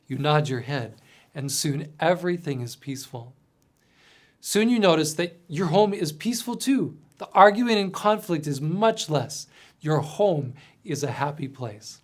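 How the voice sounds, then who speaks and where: Earnest, slightly high-voiced male narrator. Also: lively intonation, measured pace. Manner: earnest, gently dramatic storytelling with soft drops. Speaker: mission storyteller. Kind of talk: scripted second-person narration.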